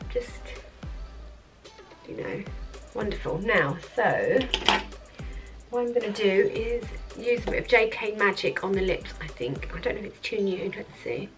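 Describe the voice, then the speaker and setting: A woman vlogger chatting in a rambling way through a makeup tutorial at her office, sometimes dropping to soft murmurs. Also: mid-range voice, animated, unhurried, pauses often. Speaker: beauty vlogger. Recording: mic at a distance, faint background music.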